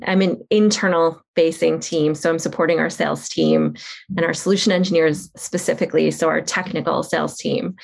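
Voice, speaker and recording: Long island lady chatting on a podcast, kinda low voice, jokey. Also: vocal fry. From Long Island, New York. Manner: chatty, self-deprecating humor. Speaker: podcast guest. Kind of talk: casual interview chat.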